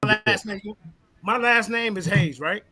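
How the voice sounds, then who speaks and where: A man arguing heatedly in a debate, defiant and repetitive, telling his opponent to be quiet. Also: high-pitched, a little slow, faint music behind. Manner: defiant, repeats himself, cuts others off. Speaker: debate participant.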